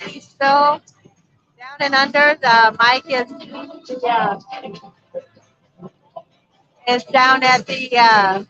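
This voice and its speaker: Woman, high bright voice, casual live-stream chat, reads viewer comments, outdoors on a busy street, phone mic, dull lo-fi sound. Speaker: vlog co-host reading live chat. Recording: dull lo-fi livestream audio.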